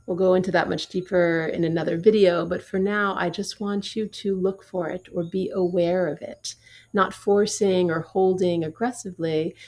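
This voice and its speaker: A woman teaching yoga and breathwork, guiding a breathing meditation in a slow, soft, calm voice with long pauses. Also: lowish voice.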